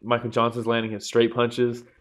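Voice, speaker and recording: A young man co-hosting a fight podcast, talking excitedly, laughing often and swearing freely. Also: medium pitch, fairly quick. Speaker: podcast co-host. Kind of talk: casual chat.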